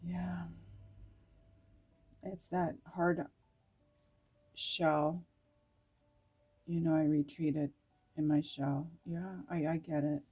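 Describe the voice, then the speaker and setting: A woman's voice: deep voice, flat delivery, extremely slow, long pauses, mellow, breathy edge, soft background music. A middle-aged woman giving an emotional tarot card reading, reading card meanings aloud and breaking into laughs and tearful asides. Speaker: tarot reader.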